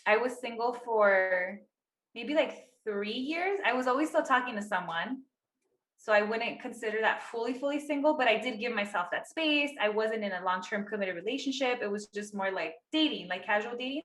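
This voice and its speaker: A woman's voice: fairly high pitch, lively intonation, moderate pace, fairly bright tone, reverberant. A woman in her thirties co-hosting a podcast in casual chat, talking loosely with lots of fillers and acting out quotes. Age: 30s. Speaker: podcast co-host.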